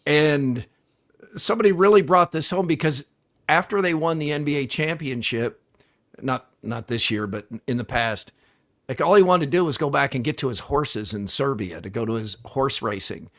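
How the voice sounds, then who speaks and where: A man's voice: mid-range voice, normal speed, fairly bright tone. A man co-hosting a casual sports talk show, conversational and amused. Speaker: radio co-host.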